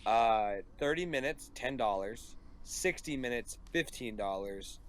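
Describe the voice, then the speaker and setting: 男声 年轻男子随意讲故事，背景有轻微噪音. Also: male voice, mid-range voice, unhurried. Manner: rambling, fillers, animated quoting. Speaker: podcast host. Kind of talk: casual storytelling chat. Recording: faint background noise.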